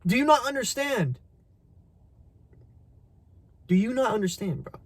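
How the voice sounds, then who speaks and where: A man's voice: very high-pitched, big pitch swings, a little slow, no echo. A young man giving a blunt, profane motivational rant, preaching tough love and calling the listener bro. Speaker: motivational content creator.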